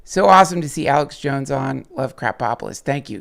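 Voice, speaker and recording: A man's voice: medium pitch, expressive, brisk, gravelly, hardly any pauses, fairly bright tone. A man hosting a livestream, rambling casually and profanely with lots of restarts and chuckles while reading viewer chats.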